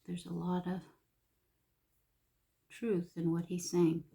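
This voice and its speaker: A middle-aged woman with a drawl talks in a low, mellow voice. She chats casually and reflectively for her vlog, softly and from the heart, sometimes dropping almost to a whisper. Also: level tone, slow pace, vocal fry. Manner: soft-spoken and heartfelt, often dropping to a near whisper. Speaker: vlogger.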